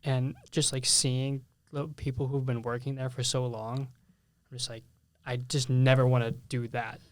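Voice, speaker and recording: A man's voice: mid-range voice, level tone, normal speed, clean tone. A man chatting casually as a podcast host, hesitant and starting his sentences over. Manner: hesitant, restarts and laughs. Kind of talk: casual conversation.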